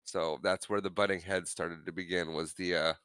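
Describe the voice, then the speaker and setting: A man recaps a film scene by scene in casual podcast chat, slipping into the characters' lines as he goes. His voice sits low but comes out bright and clean, recorded dry on a close mic. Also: little pitch movement, moderate pace, clean tone, no room sound. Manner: retells scenes acting out quotes. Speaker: podcast co-host.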